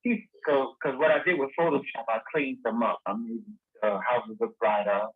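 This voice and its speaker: Man, interview guest, animated storyteller, raspy voice, tinny phone sound. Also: mid-range voice, normal speed. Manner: animated storyteller, acting out quoted dialogue.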